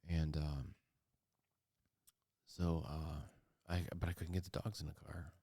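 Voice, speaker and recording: A middle-aged man with a very deep, gravelly voice tells a personal story in a halting, earnest way. He stumbles over his words and restarts often. The sound is dry and close, with no room around it. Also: flat delivery, warm tone, dry recording. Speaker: podcast co-host.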